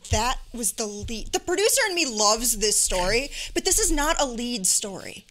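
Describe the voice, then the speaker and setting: A woman's voice: fairly high pitch, big pitch swings, normal speed, a bit bright, slight background noise. A woman hosting a casual panel discussion, talking in a wry, questioning, conversational way. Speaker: host, journalism professor.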